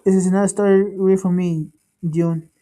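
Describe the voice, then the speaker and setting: A woman voicing a troubled, withdrawn young man who speaks haltingly and repeats his words. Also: mid-range voice, fairly even intonation, mellow, lightly acted, rough recording.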